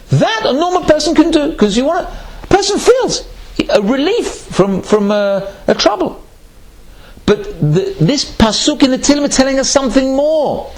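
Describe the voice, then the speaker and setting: Male rabbi preaching, high voice, very lively delivery. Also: moderate pace. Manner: animated storytelling, acts out voices. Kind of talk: sermon with a parable.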